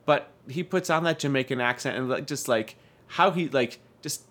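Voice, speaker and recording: A man's voice: medium pitch, normal speed. A man co-hosting a casual chat, gushing enthusiastically with lots of "like"s. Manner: animated and enthusiastic, gushing with many "like"s. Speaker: podcast co-host. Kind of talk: casual chat reviewing a TV show.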